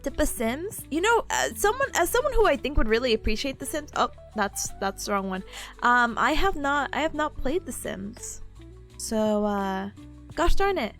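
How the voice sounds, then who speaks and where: A woman's voice: sits high, very animated, moderate pace, soft background music. A young woman streaming casually, playful and giggly, mocking herself as she chats to her viewers. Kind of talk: casual live-stream chat.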